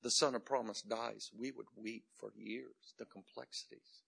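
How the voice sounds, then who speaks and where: A middle-aged man preaching a sermon as a pastor, telling a story dramatically and moving between loud and hushed delivery. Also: mid-range voice, steady tone, measured pace, gravelly, breathy edge.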